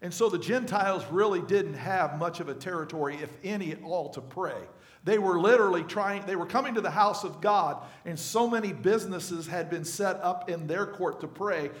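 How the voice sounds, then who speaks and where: A man's voice: sits high, echoey room. A male pastor giving a conversational sermon to his congregation, often asking them questions. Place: church sanctuary.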